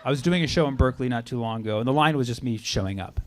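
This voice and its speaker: A man doing a brash, animated stand-up set with crowd work on a comedy club stage. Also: medium pitch, racing, heavy background noise. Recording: live club recording with loud crowd. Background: audience laughter.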